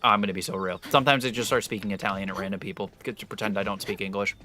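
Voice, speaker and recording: A young man on a live stream spinning a long, rambling anecdote for his chat. His tone is bright and forceful, with lively jumps up in pitch and a freely swearing, easygoing delivery. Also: rapid-fire, slight background noise. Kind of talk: casual storytelling to live chat.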